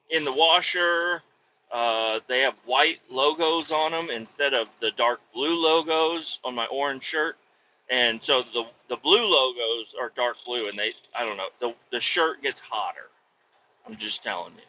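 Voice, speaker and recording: A man's voice: mid-range voice, pushed and bright. A man hosting a podcast, rambling through a work story in casual talk with heavy swearing. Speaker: podcast host, vacuum truck operator. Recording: dull lo-fi sound with faint ambience.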